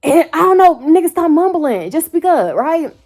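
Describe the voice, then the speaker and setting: A young woman in her twenties tells a story casually to a phone camera at home, full of slang and squealing up into quoted voices. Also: moderate pace. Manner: animated, slangy, jumps into quoted voices with sudden high squeals. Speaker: storytime vlogger. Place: bedroom at home. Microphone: phone held close.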